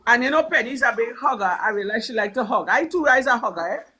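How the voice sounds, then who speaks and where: A woman's voice: a little high, animated, fast talker, pushed and bright, husky, poor audio. A Trinidadian woman talking politics on a live stream with fervent emphasis, repeating her points. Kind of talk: impassioned political talk.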